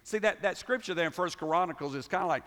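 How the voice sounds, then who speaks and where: A male pastor preaching a sermon, animated and full of rhetorical questions, often restarting his words. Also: high-pitched, fast talker. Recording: reverberant hall.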